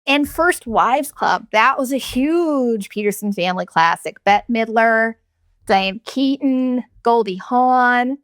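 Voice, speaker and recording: A woman in her forties hosts a solo podcast, rambling through jokey stories full of swearing. Her voice sits a little high. She is recorded close and dry, with almost no room sound. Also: lively intonation, slow pace, no echo. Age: 40s. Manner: profane, rambling, jokey storytelling. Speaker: podcast host. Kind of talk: casual solo podcast chat.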